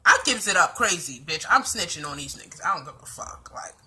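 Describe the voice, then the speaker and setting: A woman's voice: fairly low pitch, lively intonation, fairly quick, sharp tone. A young woman from the Bronx with a New York accent, telling a personal story to camera in a blunt, profane, slang-heavy way. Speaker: vlogger.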